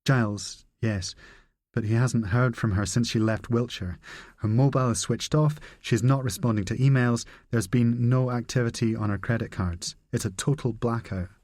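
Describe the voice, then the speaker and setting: A man's voice: medium pitch, steady tone, moderate pace, darkish tone, no echo, clean studio sound, close to an everyday voice. A man reading the part of a blunt, profane senior male spy chief in an audiobook, with a brusque, candid manner.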